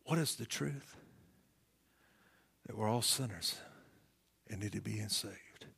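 A middle-aged man preaching a sermon, asking rhetorical questions, swinging from shouted climaxes down to hushed near-whispers. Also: lowish voice, takes it slowly, vocal fry, husky. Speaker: pastor.

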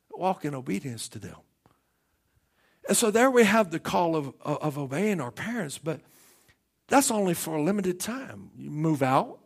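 A man preaching a sermon as pastor, swinging from loud emphatic lines to hushed ones. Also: high-pitched.

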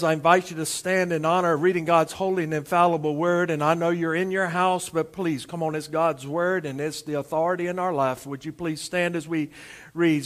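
A high-pitched man preaching. He tells stories in a folksy, homespun way and stretches his phrases for emphasis, as a pastor addressing his congregation. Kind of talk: sermon. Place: church service streamed to homes.

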